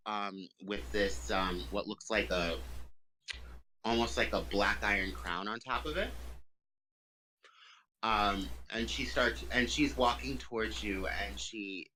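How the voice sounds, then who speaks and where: A man narrating a tabletop game as game master, slowly and haltingly, with many pauses and fillers. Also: fairly low pitch, bright, forceful tone, slight background noise, low-quality recording.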